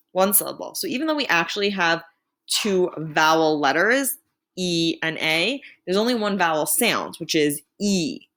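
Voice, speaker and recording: A woman's voice: on the low side, big pitch swings, background noise. Patient woman teaching a lesson. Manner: clear, patient, slowing down to sound out words. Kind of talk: remote lesson for students.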